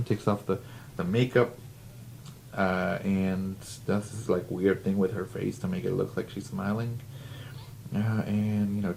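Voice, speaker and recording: A man's voice: on the low side, vocal fry, a little hiss or hum. A man who casually reviews a comic book, with plenty of fillers and restarts. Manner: chatty, filler-heavy, restarts.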